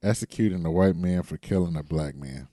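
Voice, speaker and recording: A man co-hosting a podcast with a low, mellow voice, talking in casual chat. He rants emphatically and breaks into loud high exclamations. The recording is dry and close. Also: fairly quick, dry recording. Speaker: podcast co-host.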